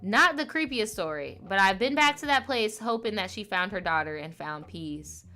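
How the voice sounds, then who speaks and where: A woman with a bright, forceful voice hosts a relaxed show. She reads viewer letters aloud and breaks in with chatty, playful asides full of fillers. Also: mid-range voice, moderate pace, soft background music. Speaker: podcast host reading viewer stories. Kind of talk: casual chat, reading letters aloud.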